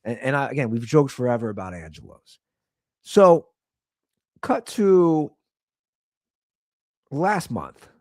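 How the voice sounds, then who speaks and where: Animated, incredulous man ranting on his show. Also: slow pace, long pauses, no echo, clean studio sound. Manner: incredulous, repeats lines for comic emphasis; animated storyteller, swings between loud and low. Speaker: podcast host. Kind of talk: casual comedic rant.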